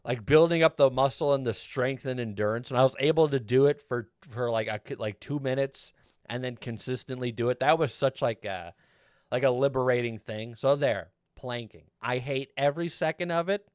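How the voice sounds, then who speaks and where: A man's voice: medium pitch, moderate pace, clear, resonant tone, dry recording, clean studio sound. A man streaming a video game and chatting casually with viewers, rambling and laughing often into a desk mic. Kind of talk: casual gameplay chat.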